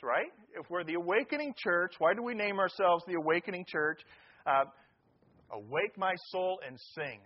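A man's voice: high-pitched, dull audio. A middle-aged male pastor from the American Midwest, giving a joking, folksy sermon to a live congregation. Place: church sanctuary.

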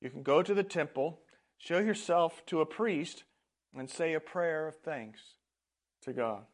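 A man reading a calm, kind Jesus. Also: fairly high pitch, a little slow, voice pushed up, lightly acted. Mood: reassuring. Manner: gentle, reassuring. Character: calm, kind adult male Jesus healer.

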